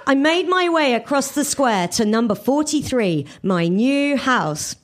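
A woman comedian reads her own comic fan fiction to a live audience, in an animated, giggly way. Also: sits high, measured pace.

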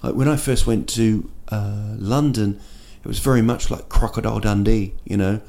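A gravelly man with a New York sound rambles comically through a casual monologue, speaking indoors at night in a city. He's a podcast host and comedian whose fairly low, mellow voice holds a steady tone at normal speed. His jokey delivery is full of restarts and fillers.

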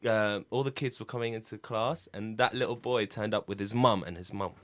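A man's voice: fairly low pitch, fairly quick. A man co-hosting a comedy podcast, telling stories in casual chat with swearing and laughter. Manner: animated storyteller, swearing, laughing.

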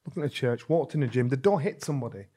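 A middle-aged man, a former boxer telling stories as a podcast guest, lively and swearing freely as he acts out what others said. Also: medium pitch, rapid-fire. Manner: animated, acts out quoted speech, swears freely. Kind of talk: conversational storytelling.

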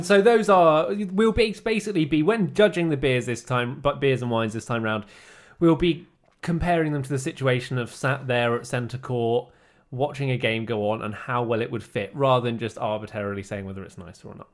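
A man's voice: mid-range voice, moderate pace. Teasing man bantering on a podcast. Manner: teasing, dry. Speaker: podcast co-host. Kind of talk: casual banter.

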